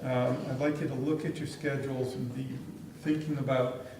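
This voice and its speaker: A man's voice: mid-range voice, little pitch movement, moderate pace, noisy background. A man speaking as school superintendent at a board meeting, telling chatty, amused stories. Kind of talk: meeting remarks and storytelling. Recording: echoey room, distant mic.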